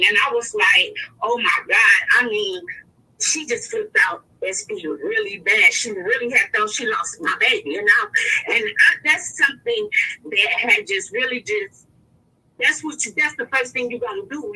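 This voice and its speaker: A woman caller telling a personal story in a rambling, animated way, full of restarts. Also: high voice, slightly rough, poor audio. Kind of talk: casual phone-in storytelling.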